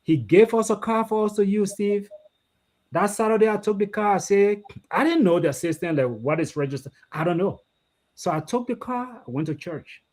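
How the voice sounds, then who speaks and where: A guest with a notably high voice for a man. He talks in anecdotes and restates his phrases as he goes. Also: animated, moderate pace, a little mellow. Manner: storytelling, repeats phrases. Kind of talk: casual discussion.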